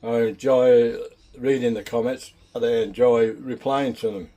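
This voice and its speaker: Mellow-voiced chatty bloke. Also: male voice, mid-range voice, steady tone, a little slow. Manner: rambling, chatty and down to earth. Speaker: home cooking vlogger. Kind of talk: casual chat.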